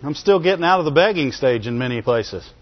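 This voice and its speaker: A man preaching a sermon in a fairly high voice. He calls out "Amen?" to the congregation and repeats phrases to drive his points home. The recording sounds dull and lo-fi. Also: expressive, a little fast. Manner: asks the congregation for call-and-response "Amen?"; repeats phrases for emphasis and chuckles between points.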